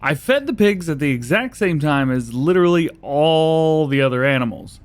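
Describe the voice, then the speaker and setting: A man talks his viewers through a farming game in a loose, chatty way, cracking jokes at his own expense. His voice sits a bit high and bounces up and down a lot, and he sounds slightly winded from recording so early in the morning. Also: lively intonation, moderate pace. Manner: chatty, self-joking, laughs often. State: a little out of breath, early morning. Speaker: gaming YouTuber. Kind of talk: casual let's-play commentary.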